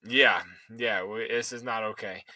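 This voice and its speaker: A man's voice: on the low side, steady tone, a little slow, bright, forceful tone, no room sound, low-quality recording. A man co-hosting a podcast in casual chat, incredulous and swearing freely. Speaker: podcast co-host.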